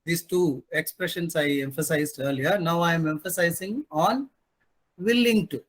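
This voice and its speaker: Man, panel speaker, emphatic, sarcastic, fairly high-pitched. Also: normal speed, a bit bright. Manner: emphatic, sarcastic, asks rhetorical questions. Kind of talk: panel discussion commentary.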